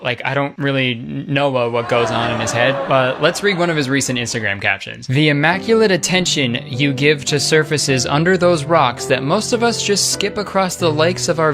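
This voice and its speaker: A young man hosting comedic internet commentary, sarcastic and crude with lots of jokes. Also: mid-range voice.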